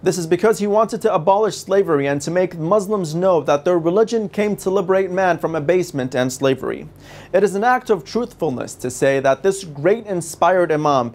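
A man presenting a religious television series, giving a formal, measured and reverent scripted lecture. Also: on the high side, a little mellow.

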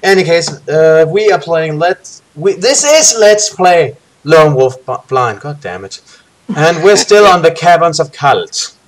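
A man's voice: fairly high pitch, expressive, unhurried. A man running a co-op gamebook session, joking with his players and reading the story passages aloud. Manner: jokey, trails off into hedges. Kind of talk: casual co-op play with read-aloud narration.

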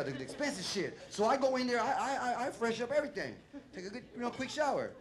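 A male stand-up comedian, doing a crude, rambling set full of swearing and acted-out bits, on a club stage with a handheld mic. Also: sits high. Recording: loud crowd laughter and room noise.

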